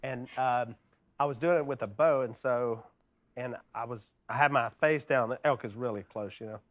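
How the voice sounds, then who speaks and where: A man with a Louisiana accent, speaking as a guest in a relaxed, rambling way and imitating animal calls. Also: medium pitch, normal speed. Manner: rambling, demonstrating animal calls with his mouth. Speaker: guest describing duck calls. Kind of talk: casual interview talk.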